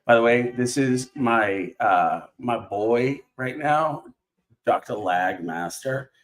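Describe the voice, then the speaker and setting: A man's voice: mid-range voice, animated, takes it slowly. A man hosting a casual live stream while opening trading cards, rambling with lots of fillers and restarts. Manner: rambling, filler-heavy, self-interrupting.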